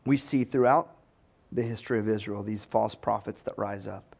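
A man's voice: fairly low pitch, steady tone, normal speed, vocal fry, darkish tone, breathy edge. A man preaching a sermon in a conversational storytelling way, acting out the voices he quotes.

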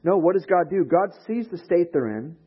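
A man preaching a sermon as pastor, telling a story with lively animation and acting out the voices of the people in it. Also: high-pitched, normal speed, breathy edge. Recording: dull lo-fi recording.

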